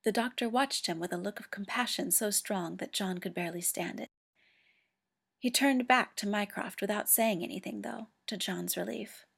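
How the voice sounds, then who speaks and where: A woman's voice: mid-range voice, normal speed, gravelly, fairly bright tone, slightly rough. Woman narrating a story steadily. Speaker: reader. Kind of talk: audiobook narration.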